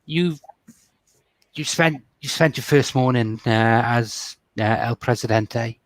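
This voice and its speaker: A man running a tabletop role-play session and describing scenes in a brisk, explanatory way. His voice sits in the ordinary middle range. The recording is dry and close. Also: medium pitch, no room sound. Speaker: game master. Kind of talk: narrating a tabletop game over a call.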